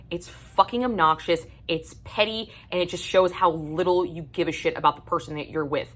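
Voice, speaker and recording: Woman, book vlogger, blunt profane rant, lowish voice, casual talk to camera. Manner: blunt, profane, exasperated ranting. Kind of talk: casual ranting monologue.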